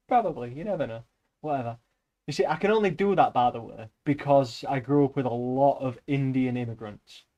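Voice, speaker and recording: A man's voice: medium pitch, moderate pace, mellow, muffled recording. A man reading a novel aloud on a live stream, breaking off often for rambling, joking asides to his chat.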